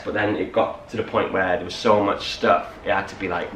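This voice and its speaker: A fast-talking young man with a fairly low voice co-hosts a casual morning chat, rambling and animatedly acting out little quotes. The audio comes through a distant mic in a roomy space with faint hiss.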